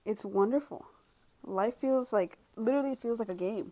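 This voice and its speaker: A woman's voice: fairly high pitch, moderate pace, a little hiss or hum. A woman in her twenties talking casually and frankly to her camera at home, rambling with many fillers. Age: 20s. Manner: rambling, heavy use of filler words, frank and expressive. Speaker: vlogger.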